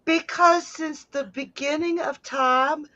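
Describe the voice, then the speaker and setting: A woman on a video call, telling jokes in a playful, unhurried way. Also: high voice, steady tone, pushed and bright, no echo, lo-fi sound. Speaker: guest on a live stream. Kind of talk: casual joke telling.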